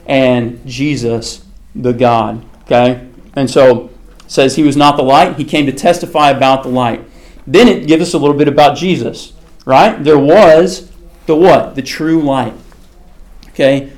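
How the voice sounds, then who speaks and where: Leading a casual Bible study, a man with a medium-pitched, slightly mellow voice talks conversationally, asking the group questions and answering them himself, with lots of fillers such as "okay" and "like."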